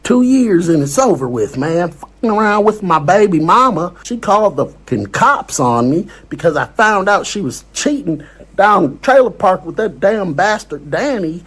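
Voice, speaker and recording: A man voicing a young first-time inmate with a rough drawl, rambling and crude about how he landed in prison. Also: on the high side, exaggerated voice.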